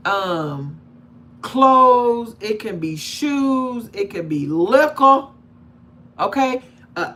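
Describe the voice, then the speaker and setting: Animated woman with a slightly high voice. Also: slight background noise. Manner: animated, mimics the people she describes; conversational, asks the audience questions. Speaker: relationship commentator. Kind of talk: casual monologue to camera.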